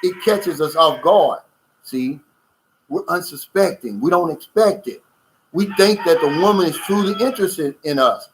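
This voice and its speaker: A man with a slightly higher-than-average voice hosts a casual livestream chat. He talks bluntly and emphatically, keeps calling his listeners "man," and stops to answer viewer comments. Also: normal speed, noisy background. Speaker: channel host reading viewer comments.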